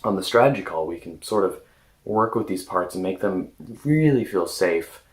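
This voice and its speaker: A man speaking as a coach in a casual self-help talk, gentle and hesitant, often restarting his sentences. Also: low voice, animated, normal speed, poor audio.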